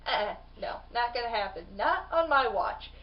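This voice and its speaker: A woman's voice: on the high side, animated, normal speed, far from the mic, highs cut off. Bubbly young woman vlogging about books. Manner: bubbly, lots of "like" and restarts. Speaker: book vlogger. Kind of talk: casual book review vlog.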